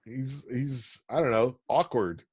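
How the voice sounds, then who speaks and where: A man from Pennsylvania teaching an online college class, talking in a halting way with many ums and restarts. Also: medium pitch, a little mellow, slightly rough, no echo, studio quality. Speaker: college instructor.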